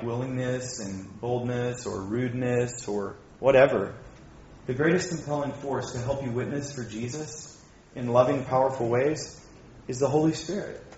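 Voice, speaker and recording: A man's voice: mid-range voice, roomy sound, lo-fi sound, slight background noise. A man preaching a sermon in a conversational way, telling personal stories and putting questions to the audience. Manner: conversational, animated storytelling, asks the audience questions.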